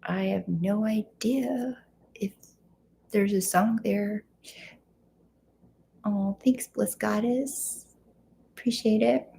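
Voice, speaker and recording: A woman hosting a relaxed livestream chat, greeting viewers and reading their comments aloud. She talks at an unhurried pace, with a gravelly fry running through her words and a chatty, friendly manner. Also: mid-range voice, slight background noise. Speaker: livestream host.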